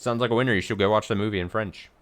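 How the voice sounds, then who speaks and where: Low-voiced man muttering over gameplay. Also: fairly even intonation, very fast. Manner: wry, muttering, self-mocking asides. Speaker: let's play streamer. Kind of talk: casual gameplay commentary.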